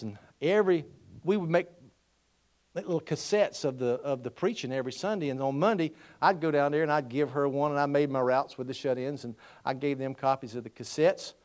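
A middle-aged man preaching a storytelling sermon, folksy, dropping to quiet asides and rising to loud exhortation. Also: mid-range voice.

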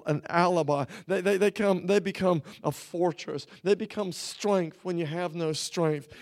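A man preaching an emotional personal testimony, halting and repeating words as he speaks, growing earnest and intense. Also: a little high, a little mellow.

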